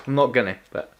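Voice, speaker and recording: Streaming a game, a man talks casually in a mid-range, fairly bright voice, with a little hiss or hum in the recording. He teases his viewers and stumbles as he repeats words.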